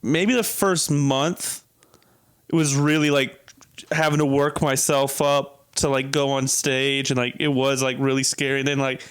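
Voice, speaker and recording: A man's voice: mid-range voice, little pitch movement, normal speed, a bit bright, clear, resonant tone. A male comedian on a podcast as a guest, talking in a laid-back way full of fillers and swearing. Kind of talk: casual podcast chat.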